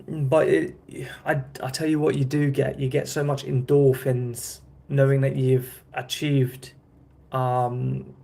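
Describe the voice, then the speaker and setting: Young male vlogger, mid-pitch, loose and rambling, keeps checking in with listeners. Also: gravelly, warm tone. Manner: rambling, self-correcting, checks in with "yeah?". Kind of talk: casual chat to viewers.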